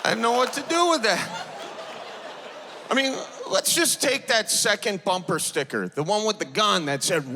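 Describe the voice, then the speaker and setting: A man's voice: high-pitched, moderate pace. Folksy Midwestern man doing stand-up. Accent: Upper Midwest. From Wisconsin. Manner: folksy, animated, playful storytelling. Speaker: stand-up comedian. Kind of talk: stand-up comedy set. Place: large theater stage before a live audience. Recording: loud live audience noise.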